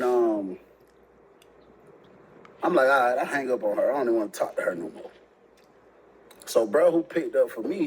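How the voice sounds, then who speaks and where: A man casually telling a personal story in heavy slang, jumping up in pitch when he quotes himself. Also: a little hiss or hum, low-quality recording. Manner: animated, slangy, jumps high when quoting himself.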